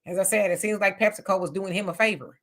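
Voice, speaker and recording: A woman hosting a casual live stream, reading viewer comments aloud and reacting with chatty, animated remarks. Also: mid-range voice, quick pace.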